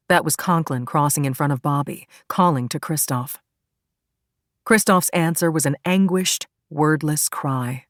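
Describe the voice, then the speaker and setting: A woman's voice: sits low, unhurried, no room sound, studio quality. A woman reading a first-person crime thriller as audiobook narrator, in a tense, dramatic manner.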